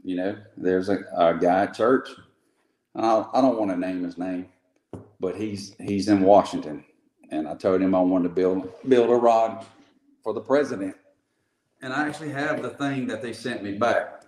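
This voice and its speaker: A man speaks as a guest on a casual chat show, plain-spoken and laid-back. His voice is low and mellow. The sound is roomy and echoey. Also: moderate pace. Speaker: guest, custom rod builder. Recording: roomy echo.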